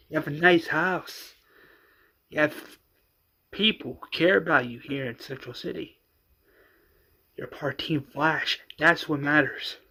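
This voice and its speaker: A man voicing a friendly young male tech whiz giving a quiet, encouraging pep talk. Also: on the high side, full character voice. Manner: soft, encouraging.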